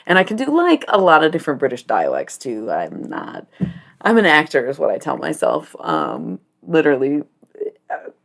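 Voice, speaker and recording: A woman's voice: sits low, gravelly. A young adult woman chatting casually on a livestream while reading cards, rambling, giggly and swearing freely.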